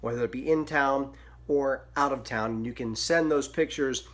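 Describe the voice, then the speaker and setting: A man's voice: mid-range voice, normal speed, a bit bright. Chatty male weather show host. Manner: chatty and informal, with frequent fillers and asides. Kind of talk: casual daily online weather show.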